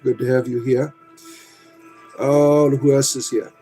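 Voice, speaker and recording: A man's voice: mid-range voice, flat delivery, takes it slowly, dark tone, soft background music. Rambling middle-aged man chatting with viewers. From Americas. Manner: rambling, frequent "right?" and filler "uh"; rants with profanity about a mechanic. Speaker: livestream host. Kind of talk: casual chat with live viewers.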